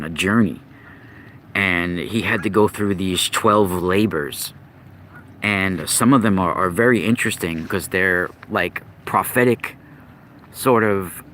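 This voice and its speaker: A very deep-voiced man talks slowly through old legends, circling back and restarting as he hunts for the right word. A faint hiss of background noise sits under his voice. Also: pushed and bright. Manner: rambling, with frequent restarts and searching for words. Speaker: podcast host. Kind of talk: casual monologue on myth and occult lore.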